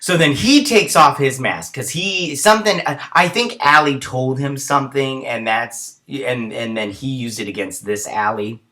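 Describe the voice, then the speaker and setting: A man's voice: mid-range voice, pushed and bright. A man hosting a casual TV episode recap, rambling along and briefly acting out the characters. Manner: rambling, acts out characters in quick voices; chatty with lots of fillers like "he's like". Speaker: show host reviewing a TV episode.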